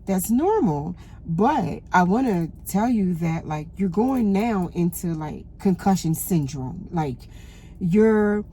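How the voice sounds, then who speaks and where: A woman's voice: mid-range voice, mellow, a little hiss or hum. Rambling woman telling a storytime. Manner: rambling, restarts often, emotional. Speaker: vlogger. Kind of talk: casual storytime while dressing.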